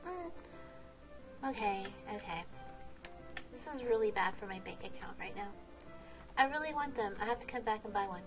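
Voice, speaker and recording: A woman's voice: medium pitch, brisk, pauses often, music in the background. A woman vlogging while she plays, chatting casually, laughing and exclaiming often. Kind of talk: casual game vlog commentary.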